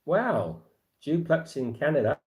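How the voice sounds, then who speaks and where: A man's voice: fairly high pitch, big pitch swings, a little slow, darkish tone. A man with an English accent hosting a casual livestream chat, rambling with lots of fillers and restarts. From England. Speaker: livestream host.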